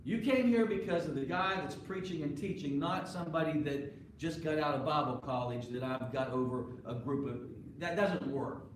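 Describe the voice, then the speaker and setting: Speaking at a moderate pace with few pauses, this fairly high-pitched male pastor delivers a conversational sermon and frequently poses questions to his congregation. It's a distant, echoey live recording from the church sanctuary, carrying slight hiss or hum.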